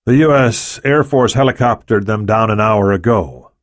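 A man's voice: fairly low pitch, normal speed, dry recording, studio quality, close to an everyday voice. A man voicing a matter-of-fact male spy official in an audiobook.

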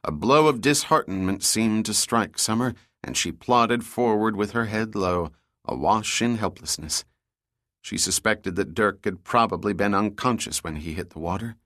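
Male audiobook narrator, low voice, measured delivery, dry close studio sound. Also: fairly bright tone, dry recording.

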